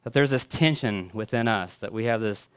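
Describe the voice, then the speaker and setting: A man preaching a sermon as a pastor. He tells a story with building phrases and hushed endings, then reflects with pauses and fillers. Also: fairly low pitch, clear, resonant tone.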